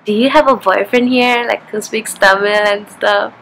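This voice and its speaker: A woman voicing a nosy, astonished local who keeps questioning a foreigner, with exaggerated, high-pitched surprise. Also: steady tone, normal speed, vocal fry, fairly bright tone, a little hiss or hum, poor audio. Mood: incredulous.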